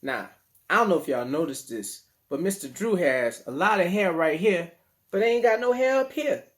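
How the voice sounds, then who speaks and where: A man with a New Orleans accent, teaching children in a playful, slangy, animated way. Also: high voice. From New Orleans, USA. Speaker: teaching artist. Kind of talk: children's lesson to camera.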